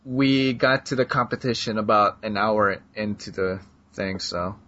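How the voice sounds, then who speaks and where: With a lowish voice that sounds pushed and bright, this man talks at a measured pace. He co-hosts a podcast, rambling through a casual chat packed with fillers and laughs, and the recording is dull and lo-fi.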